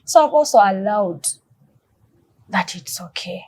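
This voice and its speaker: A woman's voice: mid-range voice, lively intonation, unhurried, a little mellow, slightly rough. A woman speaks earnestly as an interview guest, often repeating words while she searches for what to say next. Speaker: guest talking about her husband's illness. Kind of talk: emotional interview talk.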